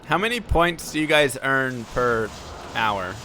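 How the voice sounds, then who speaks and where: A man's voice: medium pitch, sing-song, a little slow, sharp tone, slight background noise. Sick-sounding man chatting on stream. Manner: chatty, reacting aloud to viewer chat. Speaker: live streamer. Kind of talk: casual live-stream chat while gaming.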